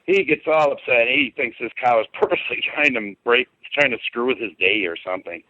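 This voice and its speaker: A man's voice: medium pitch, a little fast, pushed and bright, no echo. Middle-aged man on a tinny phone line. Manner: rambling, colloquial, emphatic. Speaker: podcast guest. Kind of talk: telling a personal story. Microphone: phone call.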